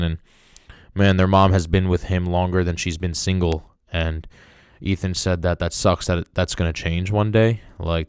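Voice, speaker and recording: A man's voice: low-pitched, smooth, dry recording, clean studio sound. A young man hosting a podcast, giving a casual, emotional review in a rambling way, full of fillers like "dude" and "man". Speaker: podcast host.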